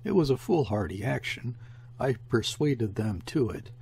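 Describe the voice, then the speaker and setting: A man reading a classic short story aloud as an audiobook narrator, in a measured storytelling manner. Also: mid-range voice, lively intonation, gravelly, darkish tone, breathy edge. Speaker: audiobook reader. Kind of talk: scripted literary narration.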